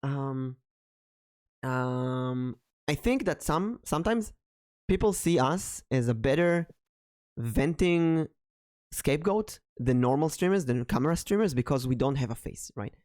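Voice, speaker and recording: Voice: medium pitch, lively intonation, unhurried, a little mellow, no room sound, studio quality. A podcast co-host and streamer talking bluntly and frankly, with a joking edge, in casual chat.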